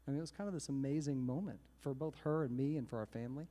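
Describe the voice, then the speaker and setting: A man, a singer-songwriter telling a self-mocking story between songs at a live synagogue service, chatty and animated. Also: mid-range voice, rapid-fire. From Texas. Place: synagogue sanctuary, live event. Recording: reverberant hall with guitar behind.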